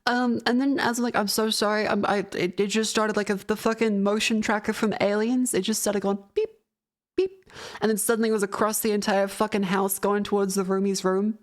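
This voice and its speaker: A woman's voice: mid-range voice, flat delivery, a little fast, hardly any pauses. A woman streamer chatting casually with viewers, telling a rambling, swear-filled story and often laughing. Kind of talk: casual chat.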